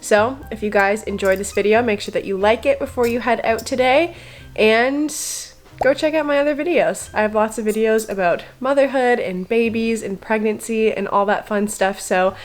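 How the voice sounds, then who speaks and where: A woman's voice: a little high, normal speed. A young woman and expecting mother talking to her viewers in a chatty, upbeat vlog style. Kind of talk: casual vlog chat.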